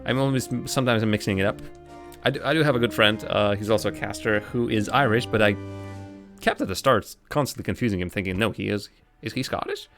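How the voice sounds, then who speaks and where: A man's voice: fairly low pitch, quick pace, a bit bright, faint music behind. A man streaming a game live, thinking aloud in casual commentary with frequent restarts.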